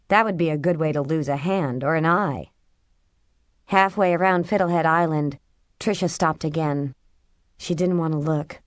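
Low-voiced woman reading an audiobook. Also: no echo, clean studio sound. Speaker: audiobook narrator. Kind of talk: scripted narration.

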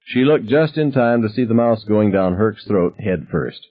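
A man narrating an audiobook in a wry, reflective first-person way, with a husky voice. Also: on the low side, lively intonation, normal speed, muffled recording.

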